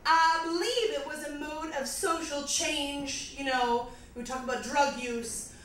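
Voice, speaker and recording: A woman performs character stand-up in a mock British accent. Her voice is high and bright, and her delivery is grandiloquent and pompous as she laughs at her own lines. The sound is distant and echoey, with a faint hiss in the hall. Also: fairly even intonation, unhurried. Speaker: comedian performing a one-woman show. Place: comedy festival stage.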